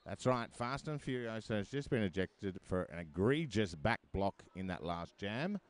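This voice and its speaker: A man's voice: on the low side, lively intonation, moderate pace. A man giving live roller derby commentary, chatty and full of joking asides.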